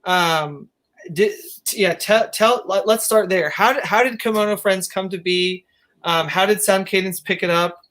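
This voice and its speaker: A woman hosting a casual interview who asks questions in halting, self-interrupting bursts. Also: mid-range voice, a bit bright. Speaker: interview host.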